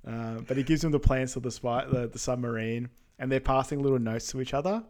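A man co-hosting a podcast, recapping a film in a relaxed, casual way full of ums and yeahs. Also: mid-range voice, brisk. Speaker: podcast co-host.

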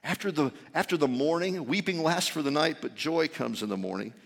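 A man preaching a sermon as a pastor, impassioned, swinging from loud shouts to soft, intimate tones. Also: on the high side, animated, fairly quick, vocal fry. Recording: long hall reverb.

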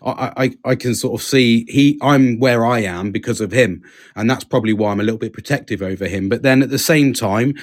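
A man hosts a casual podcast chat. He speaks earnestly at a middle pitch, restarting his sentences often and dropping in casual swearing. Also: a little fast. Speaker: podcast host.

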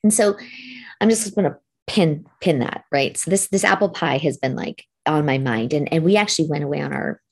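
A middle-aged woman co-hosting a podcast, telling an animated story in casual chat and swearing now and then. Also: sits low, moderate pace, breathy edge. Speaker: podcast co-host.

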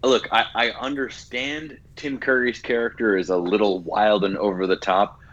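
A man's voice: fairly low pitch, fairly even intonation, moderate pace, a bit bright, highs cut off. A man co-hosting a podcast, talking about a movie in casual chat, emphatic and opinionated, with some swearing. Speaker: podcast co-host.

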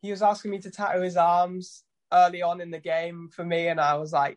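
This man speaks fairly quickly in a high, flat voice. He's a tattoo artist in a relaxed interview, spinning rambling stories full of swearing and performing the dialogue himself.

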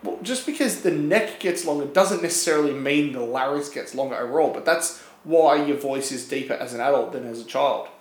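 A man co-hosts a loose quiz podcast, wandering off into science tangents with a joking, rambling delivery. His voice sits a little higher than most men's. The room around him is noticeably echoey. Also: fairly quick, few pauses. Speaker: podcast co-host. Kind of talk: casual chat, quiz banter.

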